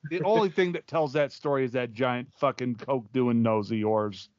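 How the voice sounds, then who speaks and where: A podcast co-host teasing the others with profane banter. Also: male voice, medium pitch, normal speed, a little mellow. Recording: dull lo-fi sound.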